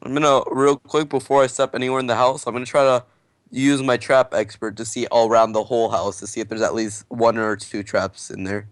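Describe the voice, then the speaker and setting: A man's voice: medium pitch, level tone, fairly quick, dry recording, studio quality. A man playing a tabletop game, asking questions hesitantly and restarting often. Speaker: player. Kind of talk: casual chat in a tabletop game.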